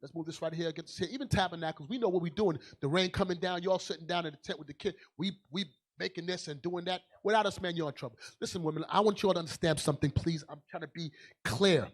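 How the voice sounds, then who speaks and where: A man preaching a fiery sermon as a bishop, emphatic and calling out to the congregation, swinging from low asides to loud declarations. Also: fast talker.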